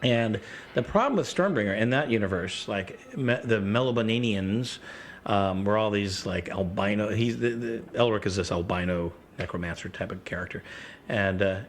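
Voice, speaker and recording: Man, rambling casual storyteller, animated quoted voices, lowish voice, faint hiss. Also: normal speed. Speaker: podcast guest.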